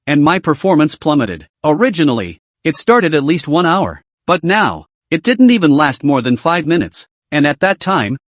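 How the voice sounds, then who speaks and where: A man reading a comic recap as a first-person story, in short steady phrases. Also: fairly high pitch, no echo. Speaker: recap narrator.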